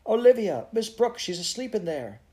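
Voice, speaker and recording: A man's voice: medium pitch, expressive, unhurried. A man reading aloud voices a proud young girl who boasts and answers back in short, defiant bursts. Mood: frantic.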